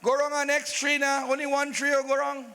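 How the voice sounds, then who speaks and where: A man's voice: very high-pitched, completely flat delivery, a little fast, sharp tone, in a large hall. A man narrating a religious folk play live, with playful, joking asides. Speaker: stage narrator.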